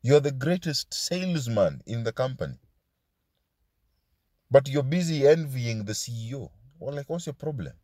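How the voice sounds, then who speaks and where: A man's voice: mid-range voice, very animated, normal speed, mellow, dry recording. A male pastor delivers a sermon, his voice rising and falling with real animation. He drives his points home with rhetorical questions and slips into Swahili asides. The recording is dry, with no room sound around him.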